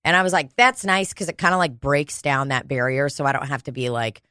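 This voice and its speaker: A woman's voice: very deep voice, quick pace, bright, forceful tone, dry recording, studio quality. A woman co-hosting a podcast, telling a story in casual, profane chat. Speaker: podcast co-host. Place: podcast studio.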